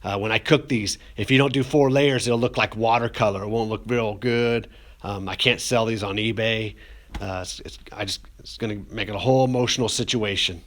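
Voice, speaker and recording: A man's voice: fairly low pitch, steady tone, brisk. A man teaching ceramics, talking through a glazing demonstration in a loose, rambling, joking way with many fillers. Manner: casual, rambling, says "getting emotional" as a joke. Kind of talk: classroom demonstration video.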